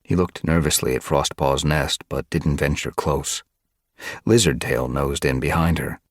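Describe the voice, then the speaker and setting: A man narrating a storybook in a very deep, gravelly voice with a husky grain. He reads slowly, and his pitch still moves around a good deal. The sound is close and dry. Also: no echo. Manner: steady, unhurried reading. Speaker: audiobook reader. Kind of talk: audiobook narration.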